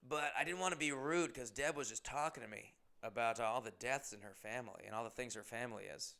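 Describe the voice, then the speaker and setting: A man's voice: mid-range voice, a little fast, vocal fry, sharp tone. A man hosting his own podcast, telling rambling, profane, self-deprecating stories in a casual monologue. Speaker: comedian and podcast host.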